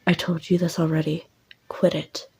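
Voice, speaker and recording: A woman voicing Vance, a soft teasing boyfriend. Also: deep voice, little pitch movement, normal speed, vocal fry, a little hiss or hum, poor audio. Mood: curt. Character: young man Vance, blunt then tender boyfriend.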